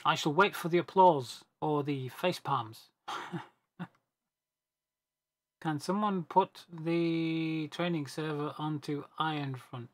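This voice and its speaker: A man's voice: fairly high pitch, measured pace. Rambling man telling jokes. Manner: rambling, with restarts and self-corrections. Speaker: gamer on a team voice chat. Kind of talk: casual joke telling.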